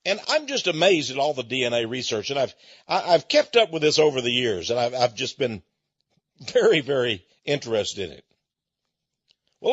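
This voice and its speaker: In a dull, lo-fi recording, a man addresses listeners in an emphatic, preacher-like monologue, drawing out key words, repeating himself and chuckling at times. His voice is high and a little bright, with no room sound.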